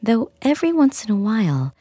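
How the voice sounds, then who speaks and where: A woman reading a fairy tale aloud in a gentle, hushed storytelling manner, with a soft, breathy, near-whispered delivery. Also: a little high, big pitch swings, a little fast, dry recording, studio quality. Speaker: audiobook reader. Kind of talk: storybook narration.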